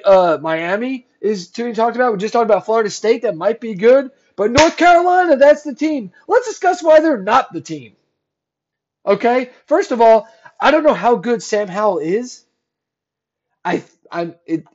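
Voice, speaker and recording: A man hosting a solo sports podcast, ranting sarcastically and growing loud and heated. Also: high-pitched, highs cut off. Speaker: podcast host.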